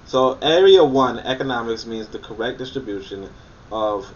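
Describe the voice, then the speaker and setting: A man's voice: medium pitch, expressive, moderate pace, recorded from a distance, muffled recording, a little hiss or hum. A man reading a book aloud and commenting on it critically, emphatic and incredulous, often repeating his points for emphasis. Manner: incredulous and scoffing.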